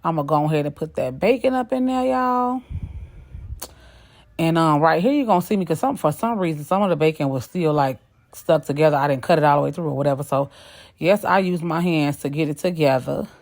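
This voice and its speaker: A woman's voice: low voice, expressive, brisk, a little mellow. A woman hosting a cooking video, talking casually over the footage, chatty and sassy, calling her viewers y'all.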